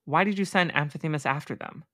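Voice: medium pitch, quick pace, pushed and bright, no room sound, clean studio sound, natural voice. A podcast reader voicing a hurt, guarded teenage boy demigod while reading a novel aloud. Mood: upset.

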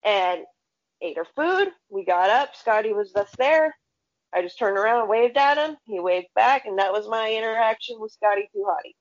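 A woman's voice: on the high side, animated, moderate pace. Woman co-host, casual podcast chat, blunt and profane storyteller, dull lo-fi audio. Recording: dull lo-fi sound.

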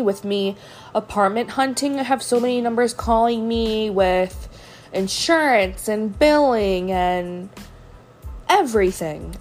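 A woman's voice: mid-range voice, measured pace, darkish tone, soft background music. Young woman, casual storytime vlogger, slightly sick and throaty, frank, chatty, filler-heavy delivery.

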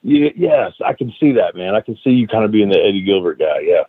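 A man's voice: fairly low pitch, expressive, brisk, husky, dry recording. Easygoing male co-host, dry lo-fi sound. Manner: easygoing, agreeable, laughs along. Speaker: podcast co-host. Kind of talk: casual chat interview. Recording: dry, dull lo-fi line.

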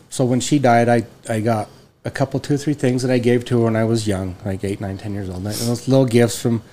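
A man in his forties tells a long, rambling story to friends on a podcast. He talks in an animated, loose way and restarts his sentences often. His voice sits at an ordinary middle pitch. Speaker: podcast host. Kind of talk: casual storytelling chat.

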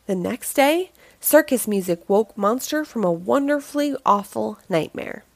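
Woman reading a kids book out loud, slow and super expressive, dry close sound. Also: a little high, gravelly, no echo. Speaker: children's story reader. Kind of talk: reading a picture book aloud.

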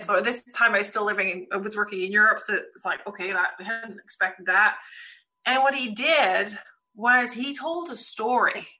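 A woman guest in a casual interview, telling lively stories and acting out what people said. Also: a little high. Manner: lively storyteller, acts out quotes. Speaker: podcast guest.

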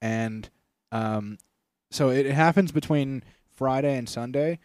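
A man's voice: medium pitch, measured pace, a little mellow, smooth, dry recording. A young man co-hosting a podcast, telling rambling stories in a casual, crude, swearing way. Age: young adult. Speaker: podcast co-host. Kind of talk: casual chat.

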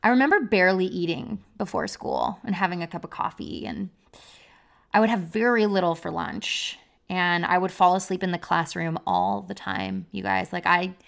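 This podcast speaker is a young adult woman whose voice sits on the low side, with a creaky, slightly bright quality. She's animated and moves at a moderate pace while recounting a personal story candidly, leaning heavily on "like."

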